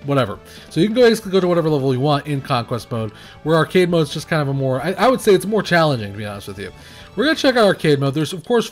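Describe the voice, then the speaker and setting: A man giving casual commentary over a video game he is playing, rambling and hesitant with many fillers, and breaking into nervous exclamations when the action gets hectic. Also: fairly high pitch. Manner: nervous exclamations under pressure. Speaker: game reviewer.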